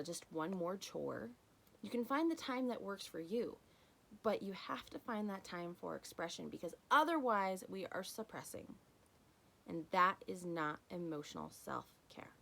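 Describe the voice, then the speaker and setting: A woman hosting her own podcast, talking straight to the listener in an emphatic, animated way with bursts of loud emphasis. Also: on the low side, gravelly, low-quality recording. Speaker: podcast host. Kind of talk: solo podcast monologue.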